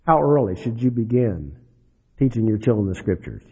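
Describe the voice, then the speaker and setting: A man preaching a sermon, dropping low and soft then rising for emphasis. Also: very animated, normal speed, husky. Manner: dramatic, swings between soft drops and rising emphasis. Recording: dull lo-fi recording.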